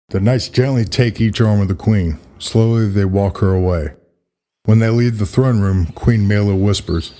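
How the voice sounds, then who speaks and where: A man narrating a scripted story in a measured, even way, with music behind. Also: fairly low pitch.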